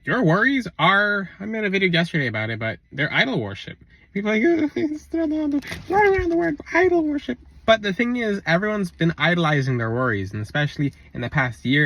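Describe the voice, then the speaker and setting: A man's voice: on the high side, bright, forceful tone, dry recording. A man talking in a casual spiritual vlog, blunt and rambling, on a close mic. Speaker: spiritual content creator.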